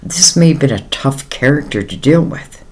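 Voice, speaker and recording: This man's voice runs on the high side and is expressive, at normal speed. He delivers a casual tarot reading, chatting in a rambling manner with lots of fillers and reassuring the listener directly.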